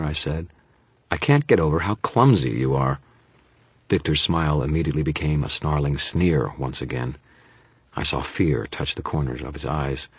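Male audiobook narrator, grim and dramatic, extremely deep and gravelly-husky, dry. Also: no echo. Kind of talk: first-person fantasy audiobook narration.

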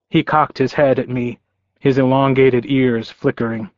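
A man narrating a story in first person with a measured, calm delivery. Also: mid-range voice, no room sound, lo-fi sound. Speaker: audiobook narrator.

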